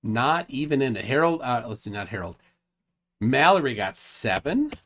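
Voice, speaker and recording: A man's voice: medium pitch, very animated, moderate pace, fairly bright tone. Male host of a casual online stream, reads lists aloud, loose and rambling. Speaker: livestream host. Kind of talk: casual livestream chat.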